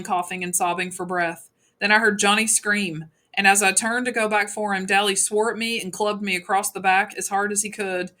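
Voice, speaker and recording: A woman's voice: medium pitch, fairly bright tone. Woman reading an audiobook. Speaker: audiobook reader. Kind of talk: audiobook narration.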